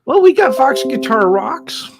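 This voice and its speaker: A man's voice: extremely high pitch, sing-song, measured pace, vocal fry, over music. A man hosting a casual livestream chat, easygoing as he reads out viewers' names. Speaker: host.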